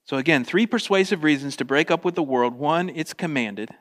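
Animated man preaching a sermon. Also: on the high side, fairly quick. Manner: animated, shifts into playful voices for quoted speech. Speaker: pastor.

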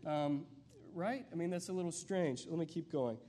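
A man giving a sermon as a guest preacher, conversational and searching, with many fillers and restarts, and reading scripture slowly. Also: fairly high pitch, mellow.

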